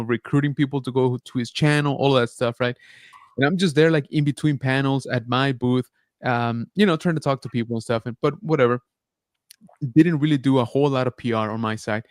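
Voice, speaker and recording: A man's voice: medium pitch, clean tone, no room sound, studio quality. A man hosting a casual livestream chat show, talking loosely with lots of fillers and reading viewer comments aloud. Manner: chatty, many fillers, reads chat aloud. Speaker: podcast host.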